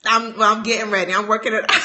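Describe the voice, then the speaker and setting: A woman chats to her viewers on a phone livestream, playful and teasing, and she laughs often. Her voice is very bright and forward, sitting at a middle pitch. Her talk is loose and casual, full of y'all and ain't. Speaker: speaker and trainer hosting a livestream.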